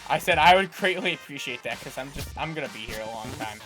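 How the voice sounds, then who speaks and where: A man co-hosting a podcast, telling a long anecdote in a rambling, animated way with many restarts. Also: medium pitch, fast, soft background music. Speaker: podcast co-host. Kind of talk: casual storytelling chat.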